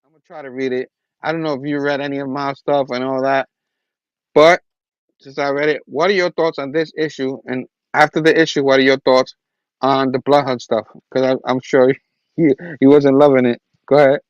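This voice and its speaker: A man's voice: medium pitch, flat delivery, fairly quick, no room sound, lo-fi sound. Rambling comic review host, man. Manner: rambling recap with restarts and acted quotes. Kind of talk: casual chat.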